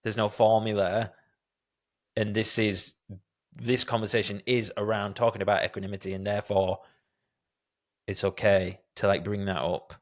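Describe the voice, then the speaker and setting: A man hosts a relaxed podcast conversation in a somewhat low voice. he talks hesitantly, stammering and restarting often, and makes light of his own views. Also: moderate pace, long pauses.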